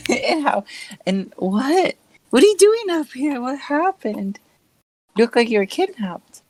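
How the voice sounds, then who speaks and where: A woman playing in a tabletop game, excitable and animated as she talks. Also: high-pitched, slow, no room sound. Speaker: player.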